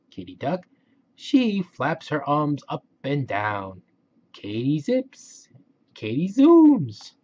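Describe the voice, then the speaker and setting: Slow, expressive man reading a picture book. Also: medium pitch. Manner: gentle and expressive. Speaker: storybook reader. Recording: dull lo-fi recording.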